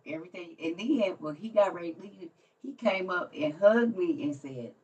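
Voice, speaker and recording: Heard through a distant mic, a woman with a lowish voice and lively intonation narrates a story at normal speed on her livestream. She laughs often, her volume swinging from hushed to loud.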